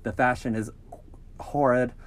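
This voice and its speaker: A male podcast co-host reads creepy encounter stories in a mid-pitched, everyday voice. He keeps stepping out of the text for cheeky, joking asides, and his reading stays lively and casual. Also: unhurried. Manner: jokey, animated, breaks into laughter and cheeky asides.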